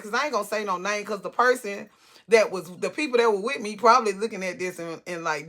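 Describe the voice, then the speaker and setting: Woman storyteller, casual vlog, rambling with restarts and swearing, bright forceful tone. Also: mid-range voice, fast talker. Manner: rambling, profane, many restarts.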